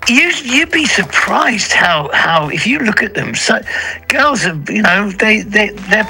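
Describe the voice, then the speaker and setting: A man in his sixties from the United Kingdom, a guest singer chatting in an interview, halting and repeating words as he talks. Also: sits high, big pitch swings, creaky, low-quality recording. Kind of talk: casual interview chat.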